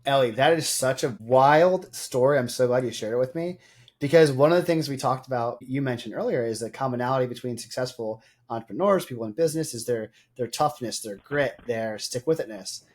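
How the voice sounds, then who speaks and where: A male podcast host talks through his thoughts in a relaxed, reflective way. He often ends a point with a quick "right?" to check in with his guest. His voice sits in an ordinary middle range. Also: medium pitch. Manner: reflective, often adds tag questions. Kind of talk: casual interview conversation.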